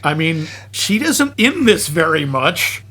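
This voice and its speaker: A man's voice: a little high, sing-song, slow pace, sharp tone, husky. A man co-hosting a podcast, recapping a film with joking fake slips and corrections. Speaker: podcast co-host. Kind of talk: comedic movie recap.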